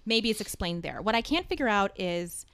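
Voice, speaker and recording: A woman hosts a casual podcast, explaining at length in a chatty way. Her voice is smooth and clear, recorded close and dry. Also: mid-range voice, expressive, a little fast, fairly bright tone, no echo. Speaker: podcast host.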